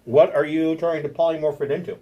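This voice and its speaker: A man's voice: on the high side, fairly even intonation, fairly quick, highs cut off. A man running a tabletop game with a somewhat raised voice. He talks casually, corrects himself mid-sentence and laughs easily. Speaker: game master.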